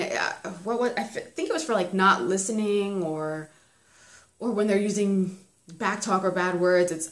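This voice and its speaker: A young woman casually chatting about parenting, talking freely and laughing often as she tells stories about her kids. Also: medium pitch. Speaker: parenting vlogger reviewing a book. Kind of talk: casual chat. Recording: roomy echo.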